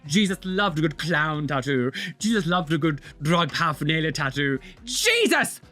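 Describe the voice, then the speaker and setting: A young man chats his way through tattoo videos, blunt and opinionated but quick to poke fun at himself. His voice swoops up and down freely and sits a little high for a man. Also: very animated, bright, forceful tone, faint music behind. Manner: chatty, opinionated, self-mocking, quick to laugh. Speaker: host reacting to tattoo videos. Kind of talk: casual reaction commentary.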